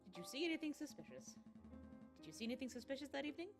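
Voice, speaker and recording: A woman's voice: high voice, very animated, racing, over music, voice pushed up. A woman voicing an earnest male bird lawyer in a game, formal and courteous.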